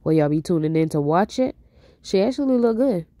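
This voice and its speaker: Woman host, low voice, mellow tone, dry sound, casual chat to viewers. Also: lively intonation, brisk, no echo. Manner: chatty, talks straight to viewers.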